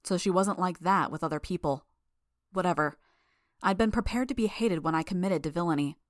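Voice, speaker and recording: A woman giving a measured first-person audiobook narration. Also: on the low side, fairly bright tone, no echo, studio quality.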